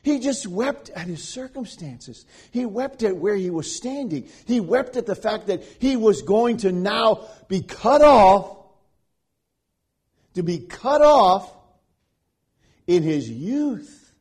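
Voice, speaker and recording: A man preaching a sermon, swinging between loud pleading passages and hushed, quiet stretches. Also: high-pitched, lively intonation, slow pace, husky.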